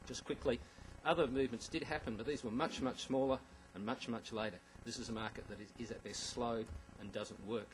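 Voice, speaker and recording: A man's voice: mid-range voice, steady tone, fairly quick, few pauses, a little hiss or hum, poor audio. A man giving a conference presentation about slides, with wry asides and frequent ums and restarts. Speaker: conference speaker.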